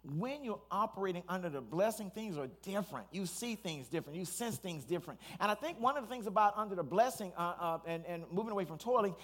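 A man, a pastor, preaching a sermon in an animated storytelling way, with asides and restarts. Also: high voice, fast talker, few pauses.

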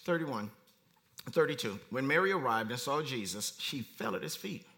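A man preaching a conversational sermon, reading verses and commenting with animated swings from quiet asides to loud emphasis. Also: mid-range voice, normal speed.

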